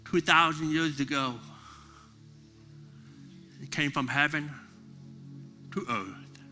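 A middle-aged male pastor preaching a sermon, impassioned at times and soft and prayerful at others. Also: on the high side, fairly even intonation, slow, faint music behind.

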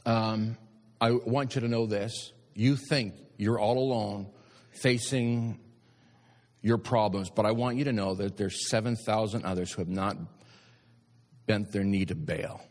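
A preacher giving voice to a calm divine presence who speaks softly and unhurriedly. The tone is gentle and reassuring, with a long hall reverb trailing after it. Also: male voice, lowish voice. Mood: soothing. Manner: soft, soothing, unhurried.

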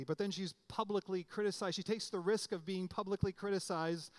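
A man's voice: high voice, fairly quick, hardly any pauses. A man preaching a sermon in a conversational way, often restarting phrases and rising suddenly for emphasis. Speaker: pastor.

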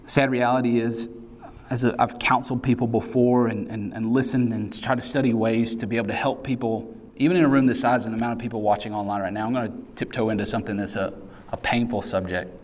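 A man preaching a sermon in a relaxed, conversational way, mixing casual asides with acted-out quotes. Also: medium pitch, fast. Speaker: pastor. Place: large hall. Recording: reverberant hall sound.

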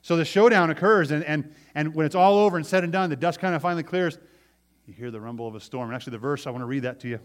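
A man's voice: a little high, very fast. A man preaching a sermon to a congregation, retelling a scripture story with energy and acting out the voices of its characters. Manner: animated storytelling, acts out quoted voices. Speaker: pastor.

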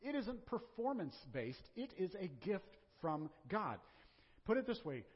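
Lively conversational preaching man in a hall. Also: sits high, measured pace, breathy edge. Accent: Southern American. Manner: conversational preaching with rhetorical questions. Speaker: pastor. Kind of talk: sermon. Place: church sanctuary. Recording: dull sound with long hall reverb.

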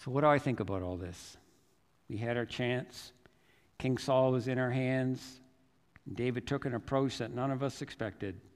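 A man's voice: mid-range voice, moderate pace, in a large hall. A male pastor telling a Bible story in a reflective, conversational sermon, with self-deprecating asides.

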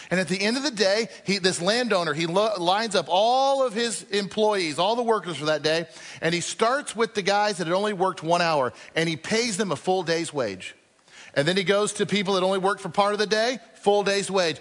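Pastor, male, high voice, storytelling sermon that acts out its characters, long hall reverb. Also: a bit bright. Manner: storytelling, acting out quoted speakers.

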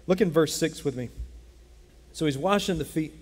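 A man preaching a sermon as pastor, telling a Bible story in an animated way and acting out its characters. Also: a little high, normal speed. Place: church sanctuary. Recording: long hall reverb.

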